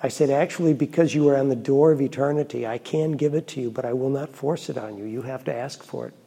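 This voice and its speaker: A Catholic priest, a middle-aged man, telling a personal story in a homily in an earnest, reflective way with quiet asides. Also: mid-range voice, quick pace, vocal fry, slightly rough.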